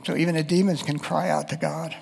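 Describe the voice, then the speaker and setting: Preacher, male, high pitched and husky, reading scripture in an echoing hall. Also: level tone, fairly quick, a little mellow. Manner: reads scripture aloud and quotes voices of the text. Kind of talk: sermon.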